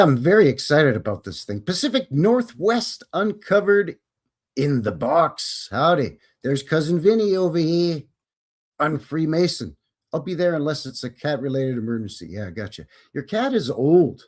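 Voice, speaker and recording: A man's voice: fairly high pitch, very animated, measured pace. Canadian guy chatting on his live stream, folksy and jokey, voice goes up and down a lot. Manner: folksy, jokey, greets viewers by name. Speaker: host. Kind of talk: casual live-stream chat.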